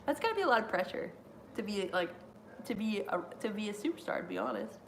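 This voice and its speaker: A woman's voice: medium pitch, sing-song, a little fast, background noise. A young woman hosting a live stream, rambling casually with lots of fillers and frequent laughter.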